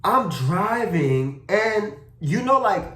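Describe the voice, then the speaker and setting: Animated young man, roomy off-mic sound. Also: high voice, slow pace, distant mic. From Maryland. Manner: animated retelling with slang and cursing. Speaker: vlogger. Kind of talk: casual storytime vlog. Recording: roomy echo, a bit off-mic.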